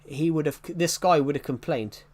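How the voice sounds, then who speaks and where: A man's voice: on the high side, normal speed, darkish tone. A young man with an English working-class accent from a former mining area, chatting casually on a livestream, rambling, restarting sentences and answering chat. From England.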